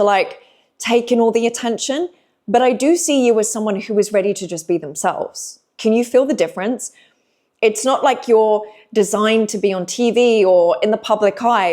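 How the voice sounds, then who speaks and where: Young woman, intuitive reader; gentle, emotional, reassuring delivery with sighs, mid-pitched voice. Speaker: intuitive reader speaking to viewers. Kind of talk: spiritual channeled message to camera.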